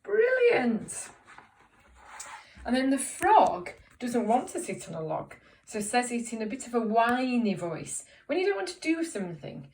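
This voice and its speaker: A woman's voice: a little high, sing-song, normal speed, few pauses, darkish tone, slight background noise. A woman teaching a reading lesson to young children in an encouraging way, often asking tag questions. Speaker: primary school teacher.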